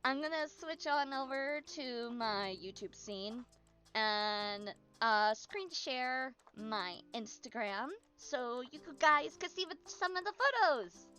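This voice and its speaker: A woman's voice: high voice, animated, slow pace, pushed and bright, soft background music. A woman chatting casually on a stream as a VTuber, bubbly and chatty but tired and yawning.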